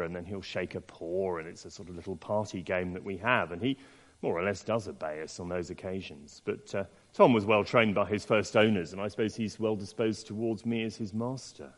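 A man preaching a sermon in an expressive way, asking the listeners many rhetorical questions. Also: sits low. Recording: long reverb in a large hall.

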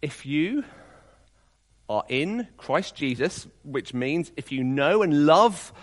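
A man preaching a sermon to his congregation, reading scripture aloud and dropping to quiet, intimate appeals. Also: a little high, lively intonation, takes it slowly.

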